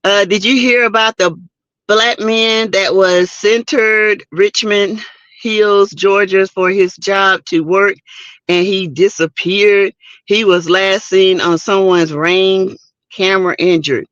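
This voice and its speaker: Woman, livestream host, slow easygoing chat, bright voice, dull dry sound. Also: medium pitch, steady tone, dry recording. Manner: chatty, greets viewers by name, laughs often. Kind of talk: casual morning livestream chat. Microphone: streaming setup mic.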